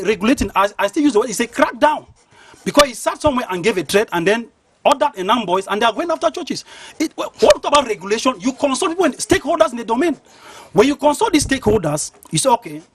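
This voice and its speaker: A man's voice: very high voice, husky, no echo. A man, a pastor arguing as a guest in a heated panel debate, insistent and repeating words to hold the floor.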